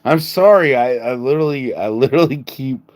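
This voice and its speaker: A man's voice: medium pitch, brisk. A man hosting a livestream, rambling in a joking, casual way, laughing often and swearing. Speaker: livestream host. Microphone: phone.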